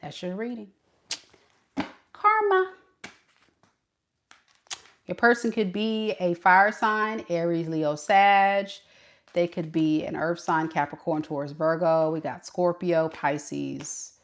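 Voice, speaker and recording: Woman tarot reader from the southern US, live stream, slow-paced and chatty. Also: on the low side. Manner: chatty, laughs often, talks to live chat. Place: home at night.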